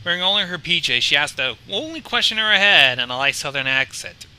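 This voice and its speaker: A man reading his own fan story aloud on a livestream, animated, with stumbles and restarts. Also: on the high side, fast talker, clear, resonant tone, low-quality recording. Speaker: fan fiction reader and stream host.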